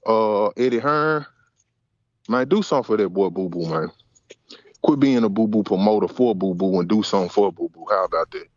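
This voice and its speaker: A man's voice: lowish voice, fairly quick, dry recording, dull audio. A man co-hosting a boxing podcast, signing off in swaggering, slangy hype talk. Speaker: podcast co-host. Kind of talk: casual podcast sign-off.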